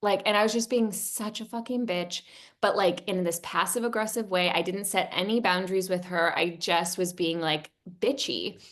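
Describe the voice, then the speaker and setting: A woman's voice: fairly low pitch, moderate pace, a bit bright. Candid self-mocking woman on a podcast. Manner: candid and self-mocking, swears freely, many ums. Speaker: yoga studio owner, co-host. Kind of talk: casual podcast chat.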